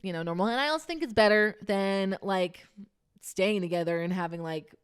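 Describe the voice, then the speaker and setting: A woman's voice: medium pitch, normal speed, clear, resonant tone. A young woman in her twenties co-hosting a podcast, talking casually and animatedly with heavy use of "like". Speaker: podcast co-host. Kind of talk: casual chat.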